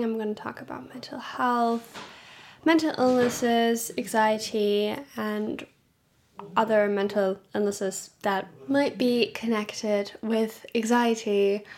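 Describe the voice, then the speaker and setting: A woman's voice: a little high, slight background noise. A young woman hosting her own podcast, chatting casually and rambling a little, sounding tired, recorded at home. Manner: rambling, tired, with frequent ums and soft laughs. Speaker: podcast host. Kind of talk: casual solo podcast chat. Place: home room with noisy activity below.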